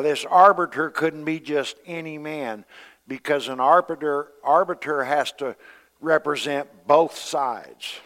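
Man preaching in a reverberant hall. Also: mid-range voice. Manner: conversational preaching, acting out quoted voices, swings between loud and soft. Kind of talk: sermon.

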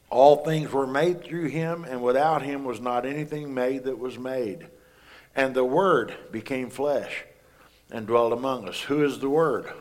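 A man delivers a sermon in a plain, conversational way. He talks like a pastor speaking straight to his congregation, asking them questions and adding homely asides. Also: medium pitch. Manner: plain-spoken, folksy asides.

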